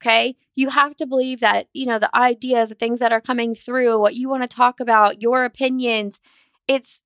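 A fired-up woman talks straight into the mic on her solo podcast, quick and candid, swearing now and then. Her voice sits a bit high, and the sound is dry and close. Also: fairly even intonation, fairly bright tone, no echo. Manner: acts out her own anxious inner voice. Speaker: podcast host.

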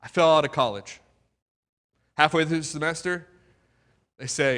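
A young man preaches his own testimony to a room of listeners. His voice sits a little high and comes out bright and forceful. He tells the story with drama, sinking to a hush and then rising loud, and throws questions straight at the crowd. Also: normal speed, long pauses. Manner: dramatic storytelling, swinging between hushed and loud. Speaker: youth speaker giving his testimony. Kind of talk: testimony sermon to a live audience.

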